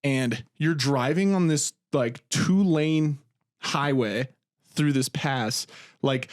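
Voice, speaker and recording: A man's voice: medium pitch, slow, no room sound, clean studio sound. A young man co-hosting a podcast, telling a story in casual chat, swearing freely and acting out the quotes on a podcast mic. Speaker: podcast co-host.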